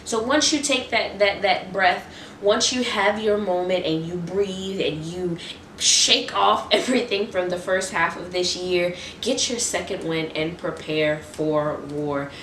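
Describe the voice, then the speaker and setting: A woman giving an excited, restless motivational faith talk to her viewers, repeating her refrains. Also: lowish voice, a little slow, a little hiss or hum. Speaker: Christian vlogger. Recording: roomy echo, distant mic.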